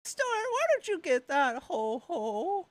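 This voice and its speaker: A man doing a shrill, scolding sketch-comedy mother, pitched far up and dragging her words out slowly as she nags. The sound is dry and close, with no room around it. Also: huge pitch swings, no echo, exaggerated voice. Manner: high, drawn-out, nagging.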